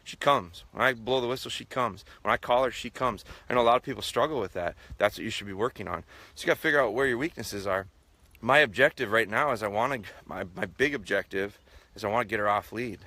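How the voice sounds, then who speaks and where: A man's voice: on the low side, fast, sharp tone, no echo. A middle-aged man, a dog trainer, talking casually outdoors while live-streaming and answering viewers' questions. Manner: casual, repeats himself, imitates whistle blasts. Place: outdoors with his dogs.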